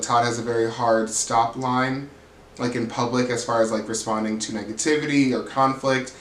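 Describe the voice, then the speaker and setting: A man's voice: medium pitch, fairly bright tone, roomy sound, a little hiss or hum, rough recording. A man giving a casual, gossipy, profane recap of a reality TV episode, sassy and chatty as he talks straight to his viewers. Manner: sassy, profane, chatty, calls people "girl".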